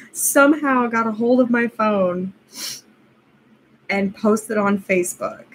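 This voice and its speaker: A woman's voice: a little high, slow, slight background noise, poor audio. A young woman vlogger casually telling a personal story, rambling with lots of fillers and laughing at herself.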